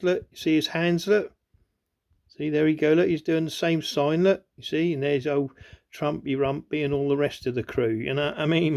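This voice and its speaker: A conspiracy video host rambles over video clips, repeating himself constantly and pushing the listener to look, saying "look" and "you know what I mean" over and over. His voice is fairly high, gravelly, and darkish.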